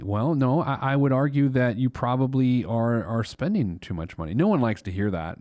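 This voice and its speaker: A man's voice: medium pitch, animated, brisk, hardly any pauses, a little mellow, dry recording, clean studio sound. A man in his thirties hosting a casual solo money podcast, talking bluntly and with animation, often restarting his sentences. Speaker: podcast host, financial planner.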